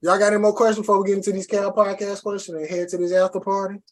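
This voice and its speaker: A man hosting a podcast in casual chat, teasing and animated, in Southern slang. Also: sits high, racing. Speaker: podcast host.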